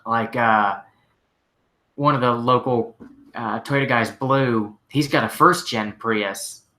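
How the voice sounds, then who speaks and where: Bright-voiced male shop mechanic host. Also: mid-range voice, takes it slowly. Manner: relaxed, rambling, frequent fillers like "like" and "you know". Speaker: host answering viewer questions. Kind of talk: casual live-stream Q&A.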